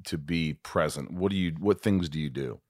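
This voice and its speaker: Low-voiced joking male podcast host. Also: normal speed, a little mellow, dry recording, clean studio sound. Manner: joking, teasing, playful. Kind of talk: casual podcast chat.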